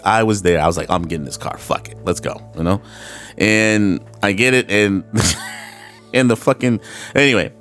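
A man with a low-pitched voice hosts a solo podcast and rambles from one tangent to the next. He swears freely, laughs often and puts on voices when he quotes people. Soft guitar music plays faintly behind him. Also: moderate pace, pauses often. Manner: acts out voices in quoted dialogue. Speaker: podcast host.

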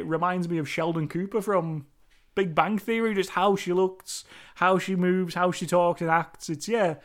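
A British man from the UK giving a loose, rambling film review, full of restarts and casual swearing. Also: high-pitched. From United Kingdom.

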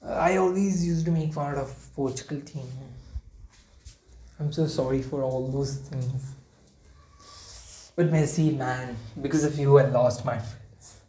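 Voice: mid-range voice, mellow. A young adult football fan talking in an unscripted vlog, rambling, repeating words and near tears. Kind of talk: emotional unscripted vlog talk. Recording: roomy echo with faint ambient noise.

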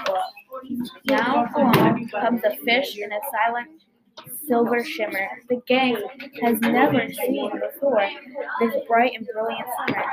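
A woman reads a rhyming children's picture book aloud in a sing-song lilt. Her voice sits a little high. A crowd chatters steadily in the background. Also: low-quality recording. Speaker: storybook reader.

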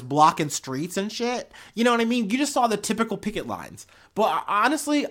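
Blunt, profane male news podcaster. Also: a little high. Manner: profane, blunt, animated asides. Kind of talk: reading news articles with casual commentary.

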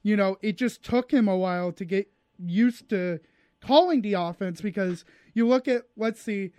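A man's voice: sits high, moderate pace, a little mellow, no room sound. A man co-hosting a sports talk show, listing statistics with many hesitant fillers. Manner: lists stats, hesitant fillers. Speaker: sports radio co-host.

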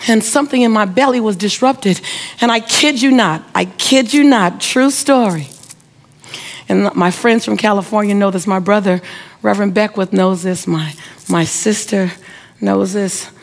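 A woman in middle age giving a motivational speech, her storytelling lively and dramatic as she slips into the voices of the people in her story. She presses her listeners with repeated, searching questions, and her pitch sits in a moderate middle range. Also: moderate pace, vocal fry. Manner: animated storyteller, acts out quoted voices; audience-directed, repeated rhetorical questions. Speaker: motivational speaker. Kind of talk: inspirational speech.

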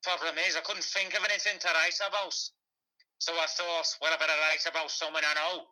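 A man's voice: on the high side, level tone, a little fast, bright, forceful tone, rough recording. A man voicing a brash, swaggering teenage Liverpool lad with a Scouse accent who swears constantly. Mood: boastful. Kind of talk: comedy phone-in sketch.

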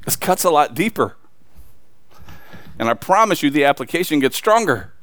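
A man preaching a sermon, reading scripture and then talking it through in a casual, emphatic way with sudden loud peaks and quiet asides. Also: fairly high pitch, very animated, normal speed, dry recording. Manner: reads scripture aloud then preaches conversationally with slang.

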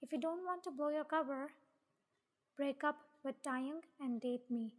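A woman voicing a smug, scheming young man who blackmails, speaking slowly and tauntingly. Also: very high voice.

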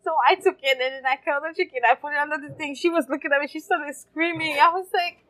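A woman from Haiti, a restaurant owner telling animated stories in a casual interview and laughing often. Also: high-pitched, quick pace, low-quality recording. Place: farmers market.

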